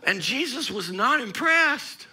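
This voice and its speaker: A man preaching a sermon as pastor, animated and rising to loud, emphatic outbursts. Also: extremely high pitch, slow pace.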